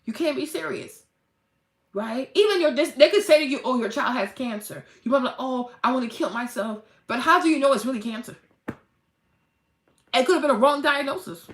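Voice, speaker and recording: A woman with a high, swooping voice gives a casual, preachy pep talk about faith. She acts out mock-dramatic voices and swears freely. The sound is echoey, as if in a bare room. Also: expressive, a little fast, long pauses. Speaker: vlogger.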